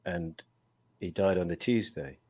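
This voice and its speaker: Low-voiced man talking hesitantly. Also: a little slow, warm tone, husky, no room sound. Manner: open, hesitant, thinks aloud. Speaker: host. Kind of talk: candid panel chat.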